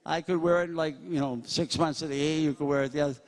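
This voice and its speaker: A man works a charity auction, his voice sitting high as he fires off bid after bid. He tosses in jokes between the numbers to keep the room going. The sound carries a long, echoing reverb from a large banquet hall. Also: fairly even intonation. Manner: rapid-fire bid calling with jokes. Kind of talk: live charity auction calling.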